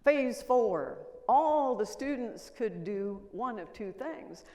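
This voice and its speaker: A woman's voice: a little high, animated, takes it slowly, dark tone. An older woman giving a conference keynote, telling stories and asking the audience questions. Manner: storytelling, asks the audience questions. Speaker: conference speaker. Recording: reverberant lecture hall.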